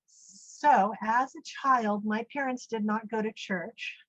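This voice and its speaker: An American woman, guesting on an interview, tells her own near-death experience in an earnest, rambling way, full of asides, "you know" and "literally." Her voice is a little high and a bit bright, slow, with fairly even intonation. The lo-fi recording has no room sound.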